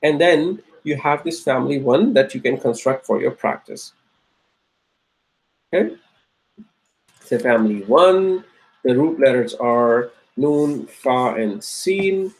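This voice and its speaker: During an Arabic grammar class, a man speaks in an animated mid-range voice, though the recording quality is poor. He goes slowly, repeats words, and asks questions to check on his students.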